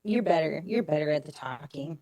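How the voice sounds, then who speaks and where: A young adult woman co-hosting a podcast in casual chat, self-deprecating and quick to laugh. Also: low-pitched, animated, dark tone, dry recording. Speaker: podcast co-host.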